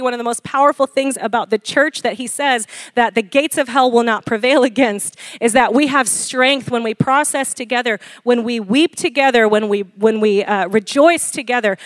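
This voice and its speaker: Woman preacher, conversational sermon, bright-ish higher voice, dry close sound, playful delivery that acts out quotes. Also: dry recording. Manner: casual and animated, acts out quoted lines in little voices; frequent light laughter and call-and-response "Amen?".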